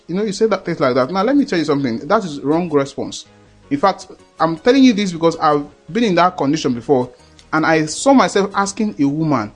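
A man's voice: high-pitched, big pitch swings, quick pace, faint music behind. A man preaching a sermon in an earnest, repetitive way, often checking that listeners understand.

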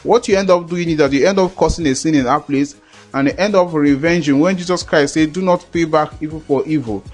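A man's voice: on the high side, fairly quick, faint music behind. A man preaching a sermon in an earnest, repetitive way, often checking that listeners understand.

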